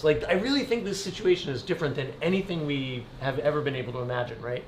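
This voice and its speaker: A man makes an emphatic political argument, pausing for "right?" again and again. His voice runs slightly high. The sound is roomy, with faint noise behind. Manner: emphatic, keeps adding "right?". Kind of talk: animated political conversation.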